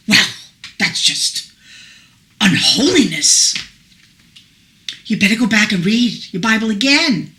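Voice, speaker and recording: A middle-aged woman preaching a fervent, emphatic sermon that rises to shouts. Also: medium pitch, lively intonation, unhurried, pauses often. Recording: echoey room.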